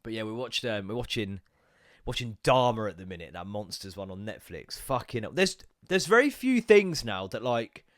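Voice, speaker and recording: A man's voice: fairly low pitch, big pitch swings, moderate pace, a bit bright, no room sound, clean studio sound. A man hosting a solo podcast, rambling and swearing, sounding bunged up with a cold. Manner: rambling, sweary, jumps into goofy voices. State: congested, bunged up. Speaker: podcast host. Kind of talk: solo casual podcast rant.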